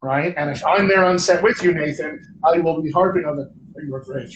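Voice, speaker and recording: Male coach, fairly high voice, heard distant in a roomy space with faint hiss. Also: normal speed, few pauses. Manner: chatty, reads questions aloud, playful nagging. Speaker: dialect coach, host. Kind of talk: live-stream Q&A. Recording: echoey room, from far off, faint noise.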